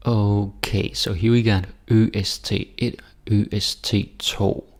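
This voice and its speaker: A man teaching Danish pronunciation, slowly repeating word lists with short dry asides. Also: lowish voice, level tone. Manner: slow, repetitive word drills with dry asides. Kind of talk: pronunciation lesson with repeated drills.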